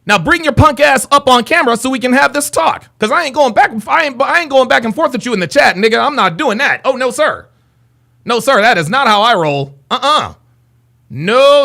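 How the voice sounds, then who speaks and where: A man's voice: very high-pitched, vocal fry, bright, forceful tone. A young man hosting a livestream, ranting and taunting viewers in a brash, repetitive way. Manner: brash, taunting, repeats himself. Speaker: livestream host. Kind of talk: heated livestream rant at chat.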